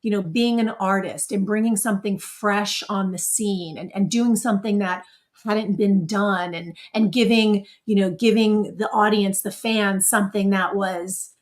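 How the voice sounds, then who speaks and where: A middle-aged woman speaking as an interview guest, telling animated stories with lots of laughter. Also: mid-range voice, measured pace. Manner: animated, laughs often, quotes others in her stories. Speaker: interview guest, former dancer. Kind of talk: casual interview storytelling.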